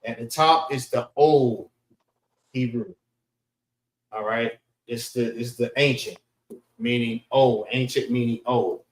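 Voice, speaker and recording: Male class instructor, unhurried delivery, roomy echoey recording. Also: medium pitch, fairly even intonation. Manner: drawn-out, repeats "all right?" to check in. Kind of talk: casual teaching lecture. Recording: echoey room.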